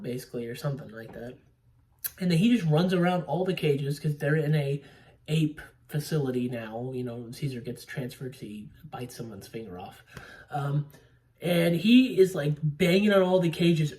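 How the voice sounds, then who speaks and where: A man's voice: on the high side, normal speed, darkish tone. A young man casually recapping a movie plot, rambling with lots of fillers and the odd swear word. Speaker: movie podcaster. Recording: voice a bit distant from mic.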